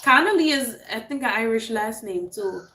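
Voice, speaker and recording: A woman in her 30s hosts a livestream, chatting casually with viewers, laughing often and reading out names. Her voice sits on the high side, pushed and bright, with lively intonation at a moderate pace. The audio has a roomy echo and slight background noise.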